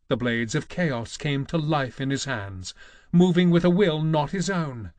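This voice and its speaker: A man narrating an audiobook in a measured, dramatic reading style. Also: mid-range voice, expressive, dry recording. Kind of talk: scripted narration.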